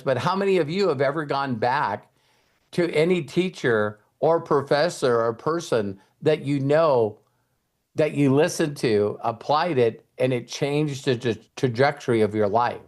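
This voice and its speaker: Speaking at a measured pace in a medium-pitched voice, a middle-aged man hosts a motivational talk as host and mentor. He tells stories, acts out the voices of people he quotes, and swears casually now and then.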